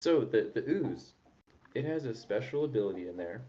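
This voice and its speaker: A man's voice: medium pitch, expressive, normal speed, dark tone, highs cut off, slight background noise. A man hosting a podcast, chatting playfully and rambling about a tabletop game. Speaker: podcast host. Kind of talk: casual chat about tabletop gaming.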